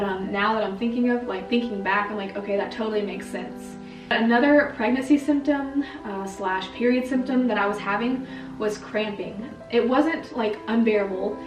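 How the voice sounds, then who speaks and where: A woman's voice: a little high, far from the mic. A woman in her twenties chatting candidly to camera at home, with lots of "like"s. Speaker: vlogger. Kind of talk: casual chat to camera. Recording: echoey room, a little off-mic, faint music.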